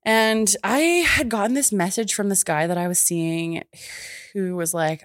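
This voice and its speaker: A woman's voice: medium pitch, unhurried, no echo. Young woman, from canada, podcast storyteller, laughs a lot, dry close sound. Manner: laughing, profane, animated storytelling. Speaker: guest storyteller. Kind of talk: casual podcast chat.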